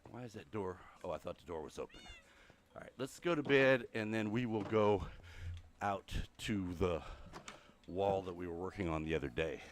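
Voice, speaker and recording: A man's voice: low voice, normal speed, slight background noise. Out-of-breath older man streaming a game. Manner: rambling, thinks aloud, chatty with viewers. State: out of breath, walking on a treadmill. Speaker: Minecraft livestream host. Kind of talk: casual gameplay livestream chat.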